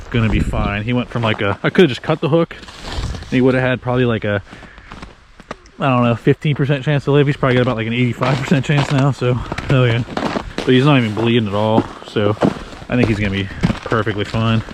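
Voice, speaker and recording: A man vlogging while he ice fishes from a shelter, excitable and swearing casually, talking to his viewers. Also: medium pitch, a little hiss or hum. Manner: excitable, swears, says dude a lot. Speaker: fishing vlogger. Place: ice fishing shelter on a frozen lake.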